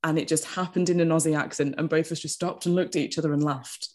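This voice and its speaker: A woman co-hosting a podcast, chatting in a relaxed way with frequent ums. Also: deep voice, quick pace. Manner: relaxed, hesitant, with many ums. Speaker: podcast co-host. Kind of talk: casual chat on a call.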